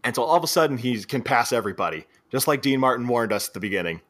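A man's voice: mid-range voice, racing. A man co-hosting a podcast, animatedly recapping a film scene by scene and acting out the characters' lines. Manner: animated retelling with acted-out quotes. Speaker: podcast co-host. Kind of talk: casual film recap chat.

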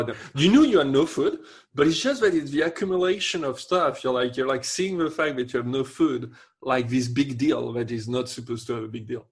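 Fast-talking young man chatting. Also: mid-range voice. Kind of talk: casual chat.

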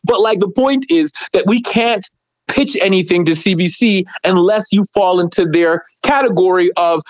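A man's voice: high-pitched, moderate pace, no room sound. A Canadian man, a comedian, ranting profanely in casual podcast chat and mimicking accents, recorded with dry, slightly dull audio. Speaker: comedian guest.

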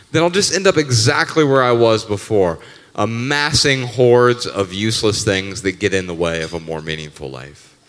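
A male podcast co-host speaking at a live event, measured and reflective, brisk when moderating audience questions. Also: medium pitch, fairly bright tone, big-room sound.

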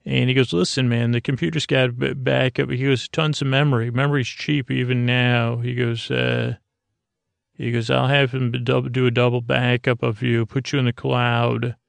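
A man hosting a podcast, retelling a TV episode in a drowsy, halting way with lots of fillers and restarts. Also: mid-range voice, little pitch movement, gravelly, no echo. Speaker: podcast host. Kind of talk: sleepy comedic episode recap.

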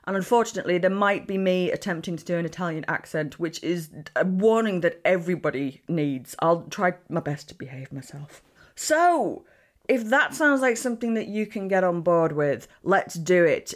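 A woman hosting a history podcast, telling the story in a playful, animated way. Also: on the low side, moderate pace. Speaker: podcast host. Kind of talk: chatty podcast narration.

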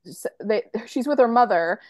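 A woman's voice: a little high, lively intonation, moderate pace, darkish tone, no echo, clean studio sound. An American woman co-hosting a podcast, chatting casually with lots of fillers and restarts. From United States. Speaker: podcast co-host. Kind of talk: casual chat.

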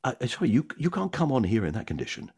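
A man's voice: medium pitch, very animated, fast talker, darkish tone, slightly rough, pitched above the performer's own voice, heavily acted. A man doing a blunt female bus conductor. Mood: scolding.

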